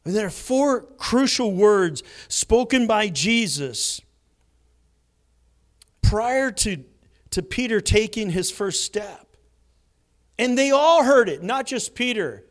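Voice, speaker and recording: Guy preaching in church, fairly high voice that jumps all over the place. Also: takes it slowly, pauses often. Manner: animated, swings between hushed and loud. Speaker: pastor. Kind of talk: sermon.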